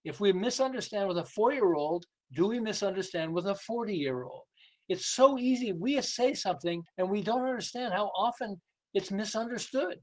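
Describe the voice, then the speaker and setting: On a rough recording, an older sales and behavior coach tells lively stories as an interview guest, with a high voice at normal speed. He gets animated, imitates the people he quotes, and laughs a lot.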